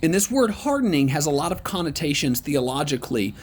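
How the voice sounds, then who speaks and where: A man leading an online Bible study lesson in a conversational, encouraging way, with frequent ums and pauses. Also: fairly high pitch, very animated, husky.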